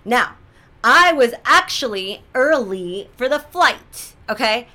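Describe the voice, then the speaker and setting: A young woman telling a story to her followers in casual chat, animated and dramatic, with frequent "right?" asides and exaggerated quoted voices. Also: fairly high pitch, slow. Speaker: social media storyteller.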